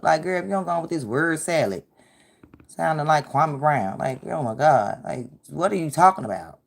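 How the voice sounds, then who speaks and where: Low-voiced sarcastic woman host. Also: animated, moderate pace, gravelly. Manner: sarcastic, blunt, talks over clips. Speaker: livestream host reacting to clips. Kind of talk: casual reaction commentary.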